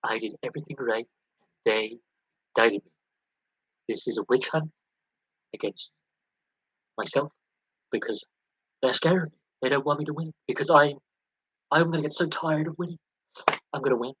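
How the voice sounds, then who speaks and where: A man's voice: medium pitch, moderate pace, long pauses, fairly bright tone, slightly rough, no echo, pitched above the performer's own voice, rough recording. A man doing a boastful old politician impression. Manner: bragging, repetitive, self-pitying. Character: boastful older male American politician.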